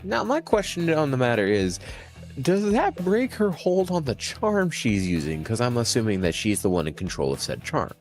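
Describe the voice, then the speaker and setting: Male tabletop player, extremely animated pitch, profane joker. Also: normal speed, soft background music. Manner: profane, jokey, swings in pitch. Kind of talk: casual tabletop play.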